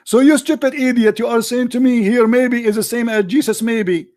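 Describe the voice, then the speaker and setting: A man hosting a heated live call-in debate, combative and interrupting, his voice getting hoarse. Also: extremely high pitch, normal speed, darkish tone, dry recording, clean studio sound. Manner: combative, interrupting, insulting caller. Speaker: debate show host.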